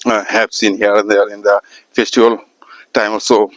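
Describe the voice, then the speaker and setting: A man from Assam, an artist and art teacher who talks to the camera in halting English, with many pauses. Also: on the low side, level tone, dry recording, rough recording. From Assam, India. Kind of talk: casual spoken talk to camera.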